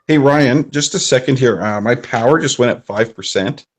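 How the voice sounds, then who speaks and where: A man co-hosting a live podcast, retelling film scenes in a relaxed, conversational way. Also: mid-range voice, moderate pace. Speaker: podcast co-host.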